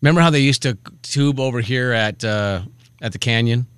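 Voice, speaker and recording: A man's voice: medium pitch, normal speed, clean tone, no echo, clean studio sound. A man co-hosting a radio show, joking casually and laughing often. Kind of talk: casual banter.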